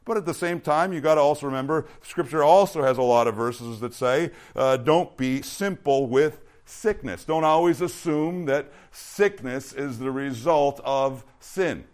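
A man's voice: on the high side, moderate pace, hardly any pauses, a little mellow. A young adult man and youth pastor giving an earnest sermon to students, often repeating words as he restarts a thought.

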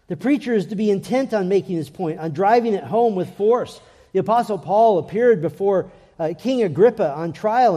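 A man's voice: on the high side, warm tone. A man preaching a sermon in an earnest way, his voice rising and swelling when he reads scripture aloud.

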